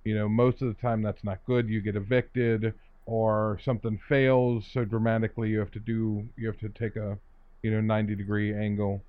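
A man in a casual discussion, talking in a reflective, measured way and often restarting his phrases. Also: fairly low pitch, flat delivery, no echo. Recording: dull dry lo-fi sound.

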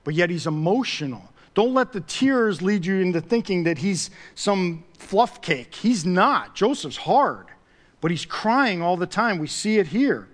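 High-voiced pastor preaching conversationally. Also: male voice, very animated, measured pace. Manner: conversational preaching with emphatic swells and repeated phrases. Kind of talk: sermon.

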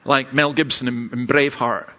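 A Scottish man delivers a sermon as a pastor, earnest and self-deprecating, sometimes tripping over his words as he restarts. His voice sits in an ordinary middle pitch. The recording is dull and slightly lo-fi. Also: level tone, normal speed, sharp tone. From Scotland.

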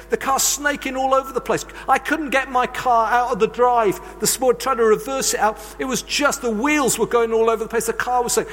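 A man's voice: extremely high pitch, fairly bright tone, a little hiss or hum. A man preaching a sermon, telling earnest, confessional stories from his own life. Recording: long reverb of a large hall.

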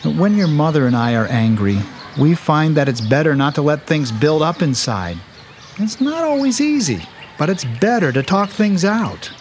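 A patient, reassuring father in a family audio drama. His voice rises and falls with lively warmth as he explains things gently. Faint hiss runs behind him. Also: on the high side, normal speed. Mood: gentle.

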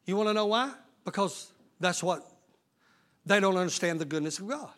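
A male pastor preaching a sermon, swelling into loud shouted passages. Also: high voice, lively intonation, moderate pace. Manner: preaching with sudden shouted surges and folksy Southern-style talk.

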